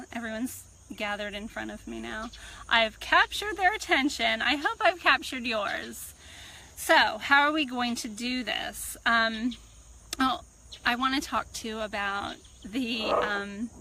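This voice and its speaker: Woman talking self-help outdoors, bright slightly high voice, calm and reflective, birds and crickets faint behind. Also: slight background noise, rough recording. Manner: calm, reflective, unhurried teaching. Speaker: personal growth coach. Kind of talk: self-help talk to camera. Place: outdoors on a farm.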